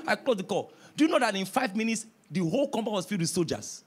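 A man preaching from the pulpit, acting out stories with quoted voices and building to loud, forceful shouts. His voice sits high for a man and swings widely in pitch. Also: racing, few pauses, breathy edge. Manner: storytelling, animated, rising to shouts. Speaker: pastor. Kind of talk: sermon.

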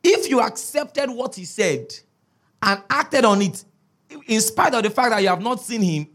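A man's voice: high-pitched, very animated, normal speed. A man preaching a sermon as a pastor, emphatic, repeating key words and checking in with his listeners.

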